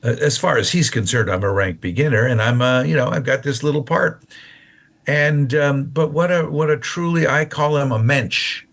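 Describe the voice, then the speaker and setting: A man in his seventies, an actor telling stories as a guest in an interview, who restarts and repeats words and stretches some words out slowly. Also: mid-range voice, vocal fry, a bit bright. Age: 70s. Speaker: actor and voiceover artist, guest. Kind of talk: casual interview storytelling.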